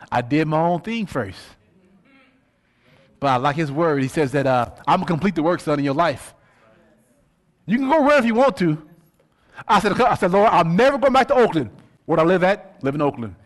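A middle-aged man preaching a sermon, his voice sitting high and leaping around in pitch. He tells his story with rhetorical questions and plenty of animation. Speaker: pastor.

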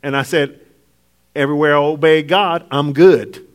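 Animated high-voiced male preacher. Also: normal speed. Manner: animated preaching, swings from hushed to shouting, laughs often. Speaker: pastor. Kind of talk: sermon.

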